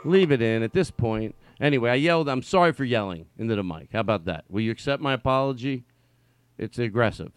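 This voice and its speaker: A middle-aged man hosting a comedic podcast in a studio, rambling and excitable, swinging between yelling and quiet mumbling. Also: medium pitch, a little fast, clean tone, no room sound. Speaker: podcast host. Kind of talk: loose comedic podcast talk. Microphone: studio mic.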